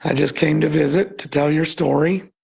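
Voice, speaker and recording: A man from Texas on a live-streamed ghost hunt, talking softly and reassuringly to an unseen presence in an old building. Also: fairly high pitch, steady tone, moderate pace, gravelly, slightly rough. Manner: soft, coaxing, reassuring. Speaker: paranormal investigator. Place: old saloon building at night.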